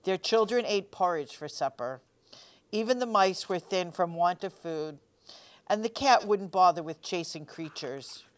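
A woman reads a picture book aloud for children, her voice low-pitched and smooth. She stays gently expressive and now and then asks her young listeners a question. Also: unhurried. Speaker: storytime reader.

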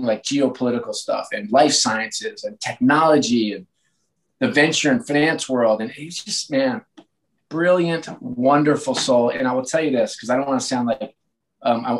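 A man in his late forties, a sports team executive as a podcast guest, telling stories in a lively way with frequent restarts. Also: mid-range voice, normal speed, rough recording. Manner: animated, frequent restarts and repeated words. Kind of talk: casual interview storytelling.

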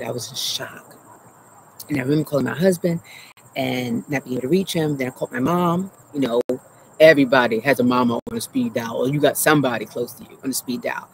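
An earnest woman therapist shares her own story with her audience while sitting in her garden. Her voice has a gravelly edge, and she sounds anxious and out of breath as she pauses to steady herself. Crickets chirp loudly throughout the outdoor recording. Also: very deep voice, slight background noise, rough recording. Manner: earnest, emotional, often checks in with "right?", slows to breathe. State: anxious, heart racing while retelling. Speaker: therapist and show host. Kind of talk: personal trauma story mixed with teaching. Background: crickets and insects.

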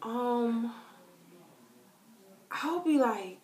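A woman chatting to camera in an animated way, answering viewer questions and calling her viewers girl. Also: a little high, moderate pace, roomy sound. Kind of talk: casual chat to camera.

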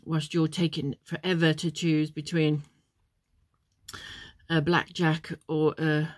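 A woman's voice: low voice, flat delivery, slow pace, dry recording. A woman chatting casually as she tastes and reviews chocolates, wandering off into memories with plenty of ums. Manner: chatty, meandering, many ums. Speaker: vlogger.

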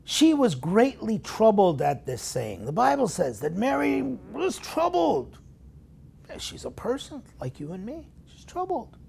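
A man preaching a sermon as a priest, putting strong stresses on key words, dropping into hushed whispered asides and asking his listeners questions. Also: sits high, huge pitch swings, measured pace, vocal fry, husky. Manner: emphatic, swinging between loud stresses and hushed whispered asides; talks straight to listeners with rhetorical questions. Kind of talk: sermon meditation broadcast.

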